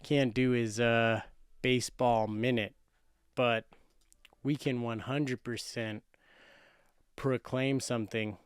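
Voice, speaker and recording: A man's voice: mid-range voice, little pitch movement, takes it slowly, pauses often, clear, resonant tone, no room sound, studio quality. A man in his thirties hosting a sports show, making playful, boastful predictions in a casual chat. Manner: boastful, playful, self-correcting.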